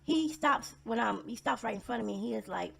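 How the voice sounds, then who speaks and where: A woman's voice: fairly high pitch, lively intonation, brisk, creaky. A woman telling personal stories in a casual vlog monologue, blunt and sarcastic in a conversational way.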